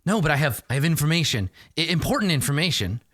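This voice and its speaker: A man voicing a nervous, hurried human informant who speaks eagerly and deferentially. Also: fairly high pitch, sing-song, a bit bright, voice pushed up. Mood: urgent.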